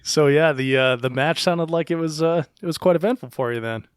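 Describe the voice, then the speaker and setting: A man hosting a podcast, chatting casually and chiming in with quick reactions and laughs. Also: fairly high pitch, clear, resonant tone, no room sound, clean studio sound. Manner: interjecting, laughing along. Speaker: podcast host. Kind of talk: casual chat.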